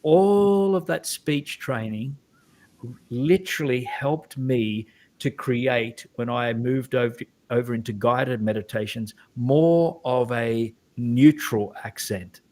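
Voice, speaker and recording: A man's voice: mid-range voice, takes it slowly, a little mellow. A middle-aged man with a mild, neutralized Australian accent, talking reflectively as an interview guest and often restarting his sentences. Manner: reflective, hesitant, many restarts. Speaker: guest, guided meditation creator. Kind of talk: casual conversation.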